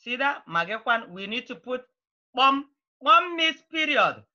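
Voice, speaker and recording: A woman teaching a beginner language class, patiently repeating phrases slowly and clearly for her students. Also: sits high, sing-song, sharp tone, muffled recording. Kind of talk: online language lesson.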